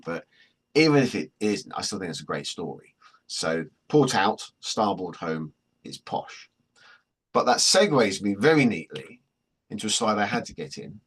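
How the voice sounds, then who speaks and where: A man with a husky voice, presenting a workshop in a chatty, joking storytelling way. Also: lowish voice, a bit bright. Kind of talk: anecdotal workshop talk.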